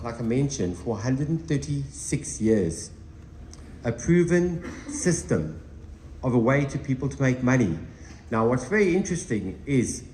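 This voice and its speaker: In an animated storytelling talk, a man presents on network marketing to his team, acting out both sides of a conversation with emphatic delivery. His voice is mid-range and warm, with slight background noise. The recording sounds roomy, with faint ambience.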